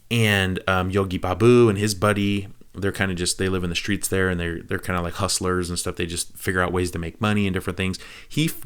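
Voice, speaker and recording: A deep-voiced movie review vlogger, his tone clear and resonant, casually walks through a film's plot. His storytelling is animated, with quick asides to viewers and quoted lines acted out.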